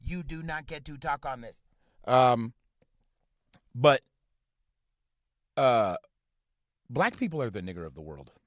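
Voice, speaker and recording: A man hosting a podcast from inside his car, ranting casually and profanely in a halting, rambling way full of fillers. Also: medium pitch, expressive, no echo. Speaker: podcast host. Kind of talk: casual rant.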